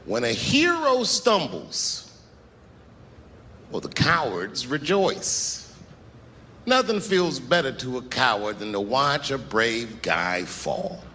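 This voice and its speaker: A man opening a stand-up set with a slow, measured delivery. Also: mid-range voice, very animated, pushed and bright, slight background noise.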